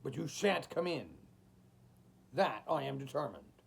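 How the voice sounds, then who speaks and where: Audiobook: male reader as a heartless shopkeeper landlord, quiet threats, slow and deliberate. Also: mid-range voice, big pitch swings, gravelly, husky, full character voice. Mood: threatening. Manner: speaks softly, menacing.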